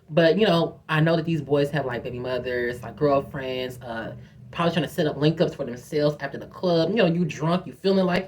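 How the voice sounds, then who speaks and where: A young woman tells a story in a casual vlog. She is animated and profane, and she acts out quotes in a higher voice. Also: a little hiss or hum. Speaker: vlogger telling a story.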